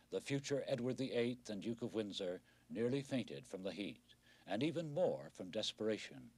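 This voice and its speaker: A middle-aged man narrating a television news report in a measured, wry documentary style. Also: on the low side, darkish tone, husky, no room sound.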